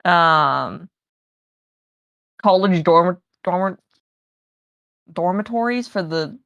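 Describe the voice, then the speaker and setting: A woman's voice: lowish voice, animated, very slow, gravelly, a bit bright, dry recording. Woman, casual streamer chat, rambling, loose, swears freely, close dry mic. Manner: rambling, frequent fillers and laughs, swears casually. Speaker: tabletop game player.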